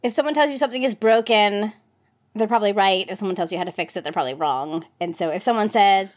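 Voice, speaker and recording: A woman's voice: mid-range voice, a little fast. A woman co-hosting a casual chat, self-deprecating and often laughing as she acts out bits of dialogue. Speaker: podcast co-host and author.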